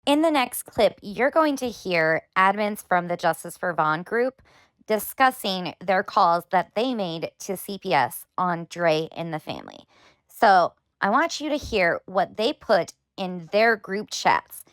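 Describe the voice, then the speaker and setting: A woman's voice: mid-range voice, sing-song, a little slow, fairly bright tone, no echo, studio quality. A woman hosting a commentary video, talking through clips with pointed, sarcastic questions. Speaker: commentary host. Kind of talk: drama commentary.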